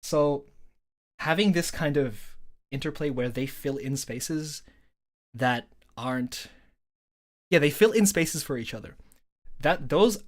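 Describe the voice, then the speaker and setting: On a casual livestream, a woman songwriter breaks down her own song in a low voice, speaking slowly with long pauses. She's eager and enthusiastic, sprinkling in plenty of "like" and "um," and hums snippets of melody, singing vowel patterns to show what she means.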